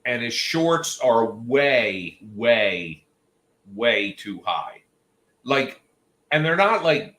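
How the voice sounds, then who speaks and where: A man talks casually to his viewers, spinning rambling stories with jokey asides. His voice is bright and he takes his time. The room around him has a noticeable echo. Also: on the low side. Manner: chatty storyteller, jokey asides. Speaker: livestream host. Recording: roomy echo.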